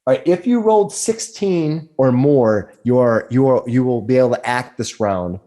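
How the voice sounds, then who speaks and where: A man's voice: medium pitch, expressive, normal speed, warm tone. Rambling male game master. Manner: rambling, with many restarts and fillers. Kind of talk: narrating a tabletop game.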